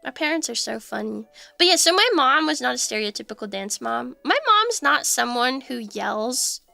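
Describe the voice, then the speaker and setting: Young woman streamer, high and bright, chatty storyteller who laughs a lot; casual livestream chat. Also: very animated, moderate pace, creaky, no room sound, faint music behind.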